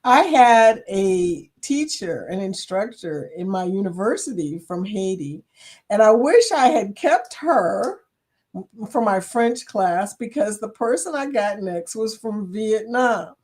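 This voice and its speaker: A woman's voice: medium pitch, animated, slow, a little mellow. A middle-aged woman hosting a casual live chat, reading viewer comments aloud, chatty and silly and laughing often. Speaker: livestream host.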